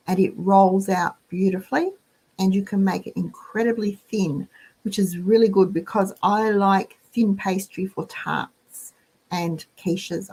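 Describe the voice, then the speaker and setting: A woman's voice: medium pitch, darkish tone, slightly rough. An Australian woman hosting a casual chat, telling rambling everyday stories with asides to the listener. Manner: chatty, rambling storytelling with asides. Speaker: host.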